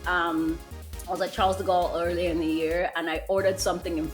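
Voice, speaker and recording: A woman's voice: lowish voice, steady tone, fast, soft background music. A young woman hosting a solo podcast, giving a blunt, emphatic pep talk in a casual chatty way. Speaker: podcast host.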